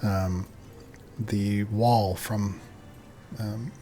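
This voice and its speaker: A man narrating as game master of a tabletop game, in a loose, hesitant way full of pauses. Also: on the low side, steady tone, mellow, faint music behind.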